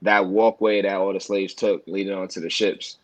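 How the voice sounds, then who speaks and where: A man's voice: sits low, level tone, normal speed, no room sound, low-quality recording. A man, chatting casually as a podcast co-host, rambling with lots of fillers and restarts. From New York. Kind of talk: casual chat.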